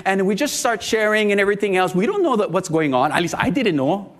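High-voiced pastor preaching. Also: male voice, quick pace. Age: middle-aged. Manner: animated storytelling, acting out quoted voices. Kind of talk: sermon.

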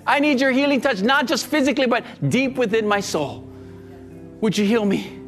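High-voiced pastor praying earnestly. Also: male voice, normal speed, fairly bright tone, soft background music. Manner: earnest and pleading, repeats phrases. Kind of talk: sermon and altar-call prayer.

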